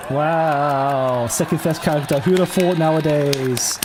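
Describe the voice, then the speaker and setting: A man's voice: a little high, steady tone, measured pace. A man, the host, commenting casually on event footage, chuckling often and rambling with restarts. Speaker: channel host. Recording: loud event crowd and noise behind.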